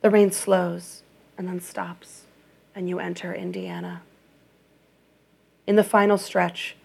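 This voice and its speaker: A woman reads literary prose in a measured, even and restrained way. Her voice sits low with steady vocal fry, and it stays flat, with little melodic lift. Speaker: audiobook narrator. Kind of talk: scripted literary narration in second person.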